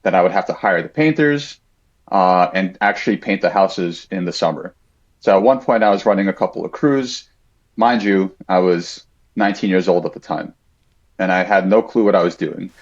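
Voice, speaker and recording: A man's voice: low voice, moderate pace. A man in his thirties, a podcast guest, telling a personal story in a casual, reflective way, with a lot of "like" fillers. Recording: dull lo-fi sound.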